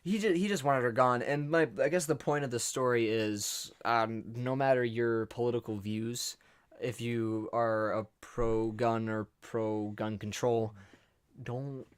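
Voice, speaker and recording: A man's voice: medium pitch, steady tone, a little slow, clean tone. A young man co-hosting a podcast, telling a story in casual chat and acting out the people in it. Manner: rambling storyteller, acts out quotes. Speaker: podcast co-host.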